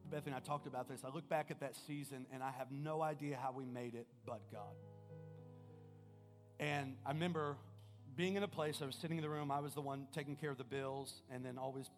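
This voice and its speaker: Male pastor, earnest sermon storyteller, mid-pitched voice, soft guitar behind. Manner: storytelling, earnest, sways between loud and hushed. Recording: music playing behind the voice.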